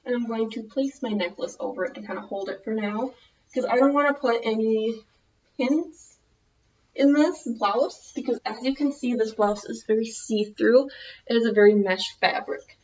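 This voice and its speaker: A woman's voice: fairly high pitch, normal speed, a little mellow, muffled recording, a little hiss or hum. A woman with a Minnesotan American accent, chatting casually through a clothing tutorial, rambling and correcting herself as she goes. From United States. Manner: rambling, loses her thread, self-correcting. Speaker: vlogger.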